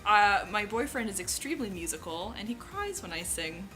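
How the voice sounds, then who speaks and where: A woman's voice: medium pitch, sing-song, moderate pace. Chatty woman. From Maritimes, Canada. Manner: chatty, joking, many "like"s. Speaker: co-host. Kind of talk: casual Q&A chat. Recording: music playing in the background. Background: background music.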